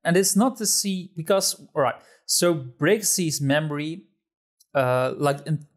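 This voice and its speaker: Unhurried and a little high in pitch, this man hosts a laid-back podcast conversation. He guides the topics and goes along agreeably, laughing frequently and using lots of fillers.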